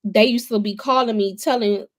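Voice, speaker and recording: A woman's voice: medium pitch, fairly even intonation, normal speed, dry recording. A young adult woman speaking as a podcast guest, telling her personal story in a candid, conversational way and repeating phrases for emphasis.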